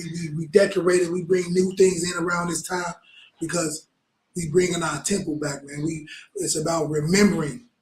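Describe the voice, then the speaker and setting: A man's voice: sits high, darkish tone, echoey room, low-quality recording. A man preaching a fervent, blunt sermon with lots of repetition.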